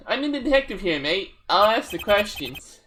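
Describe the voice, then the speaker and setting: A man voicing a brusque male police detective in a put-on British accent, gruff and dismissive, while reading a fan game aloud with voices. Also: high-pitched, very animated, measured pace, fairly bright tone, slight background noise, exaggerated voice.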